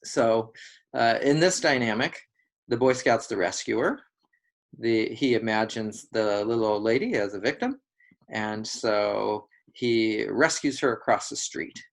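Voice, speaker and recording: A man leading an educational talk on relationship dynamics, telling example stories in a relaxed way, with frequent fillers and restarts. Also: lowish voice, measured pace, creaky. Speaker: group facilitator.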